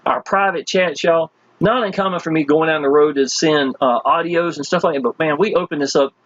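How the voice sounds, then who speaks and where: A man giving a casual, enthusiastic sales pitch as he walks through web pages, speaking folksy and chatty. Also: a little fast, a bit bright, no room sound, muffled recording. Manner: folksy and enthusiastic, constantly addressing listeners as "y'all". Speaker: online marketing promoter.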